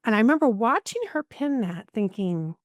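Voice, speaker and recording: Speaking at a moderate pace in a fairly high voice, this middle-aged genealogist shares a personal tale as a guest on a podcast interview. She's lively and acts out each quoted voice, captured in studio quality without any echo.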